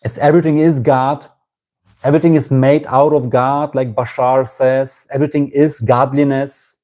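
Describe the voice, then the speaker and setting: Warm-voiced German-accented spiritual teacher. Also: male voice, medium pitch, level tone, normal speed. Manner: reflective, ends phrases with questioning "yeah?". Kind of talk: live-streamed satsang talk.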